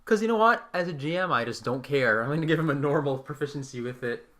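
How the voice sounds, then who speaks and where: A man's voice: on the high side, expressive, fast talker, a crowd in the background. A man acting as game master, narrating a tabletop game in a casual, offhand way.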